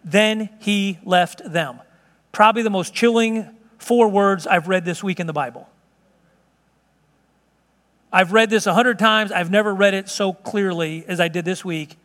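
A man preaching a sermon in an emphatic, conversational way, at times dropping to slow, hushed tones. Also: sits high. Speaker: pastor. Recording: long reverb of a large hall.

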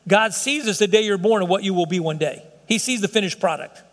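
A man's voice: high voice, fairly quick, a bit bright. A middle-aged man preaching a sermon to his congregation, emphatic and conversational, often acting out quotes in other voices. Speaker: pastor. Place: church sanctuary. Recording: long reverb of a hall.

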